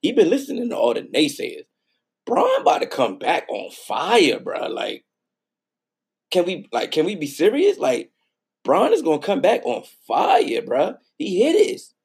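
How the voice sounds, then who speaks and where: A man chatting on a sports podcast with a gravelly, husky voice. His pitch swings up and down a lot as he argues his points. He talks in loose slang and repeats phrases to hammer them home. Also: measured pace. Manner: animated, slangy, repeats himself for emphasis. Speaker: podcast co-host. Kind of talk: casual sports podcast chat.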